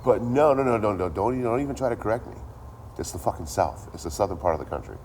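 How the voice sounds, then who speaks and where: Deep-voiced guy streaming, cussing and repeating himself, faint road noise behind. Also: fast talker. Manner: profane, animated ranting with repeated lines. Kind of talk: casual rant to a live chat.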